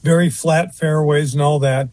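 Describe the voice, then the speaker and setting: Husky man telling a long story. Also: fairly high pitch, steady tone, a little mellow, dry recording. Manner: rambling, fills pauses with uh and um, restarts. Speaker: interview guest. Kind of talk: anecdotal storytelling in conversation.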